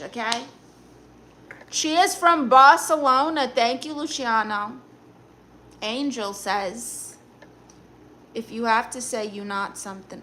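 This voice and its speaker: Fairly high in pitch, bright and forceful, a woman's voice with a Brooklyn accent brings to life a blunt, sassy aunt. She reads viewer comments on a live stream and gives dating advice, quick to fire back a comeback.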